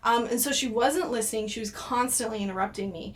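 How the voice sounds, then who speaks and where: A young woman talks casually to her viewers, giving advice on doing psychic readings. Her voice sits a little high, and her talk is loose and chatty, full of ums and likes. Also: quick pace.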